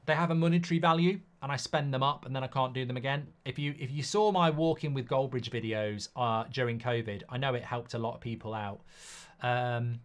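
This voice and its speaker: A man with a middle-range voice hosts a live football watchalong in a casual, chatty way. He reads out viewer comments and answers them with blunt opinions and quick reactions to the play. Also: medium pitch.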